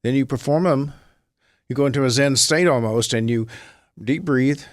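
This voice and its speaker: A man's voice: mid-range voice, moderate pace, no room sound, clean studio sound. A man, an actor, talking casually as a guest, rambling and acting out little examples as he explains. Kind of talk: casual talk-show chat.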